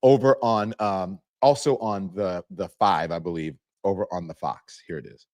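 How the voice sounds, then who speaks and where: A man hosting a political commentary show, mocking the clips he plays and breaking into high, exclaiming bursts. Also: normal speed, a little mellow. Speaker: show host.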